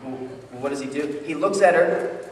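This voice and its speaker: High-voiced pastor preaching in an echoey hall. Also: male voice, moderate pace, slight background noise. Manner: conversational, animated preaching with frequent restarts. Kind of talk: sermon. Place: church sanctuary. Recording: echoey church hall, distant mic.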